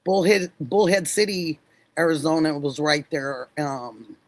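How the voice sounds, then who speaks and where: A middle-aged woman hosting a livestream, chatting warmly with viewers, effusive and laughing often. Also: deep voice, a little slow, rough recording. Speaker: livestream host. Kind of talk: casual chat with live viewers.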